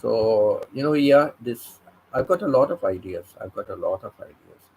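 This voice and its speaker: A man's voice: on the low side, animated, moderate pace, a little mellow, slight background noise, rough recording. A man telling a story on his vlog, stressing points by repeating phrases. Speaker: vlogger.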